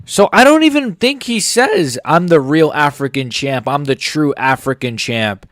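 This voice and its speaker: A man's voice: on the high side, expressive, unhurried, fairly bright tone, no room sound, studio quality. A man hosting a casual MMA commentary channel, blunt and opinionated, swearing as he reacts to clips and comments. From United States.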